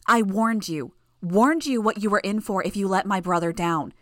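A woman voicing a cruel, mocking young female villain who taunts in a raised, sharp voice. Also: mid-range voice, moderate pace, no room sound, clean studio sound, lightly acted. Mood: threatening.

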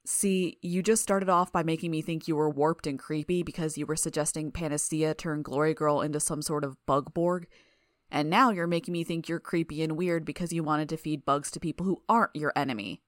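A woman's voice: deep voice, fairly even intonation, a little fast, no room sound, close to an everyday voice. A woman voicing a sardonic young man in a fan audiobook, teasing in a dry, lazy way. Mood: mocking.

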